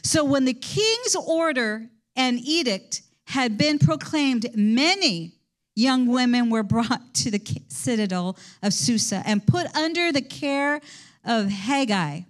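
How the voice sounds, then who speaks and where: A woman preacher giving a sermon, conversational and animated as she retells a story. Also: high-pitched, slow pace.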